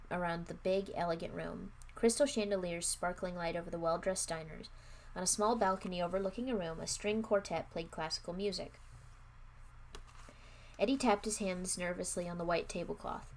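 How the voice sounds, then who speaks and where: Gravelly woman reading aloud. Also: lowish voice, darkish tone, slight background noise. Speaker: reader. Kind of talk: live book reading.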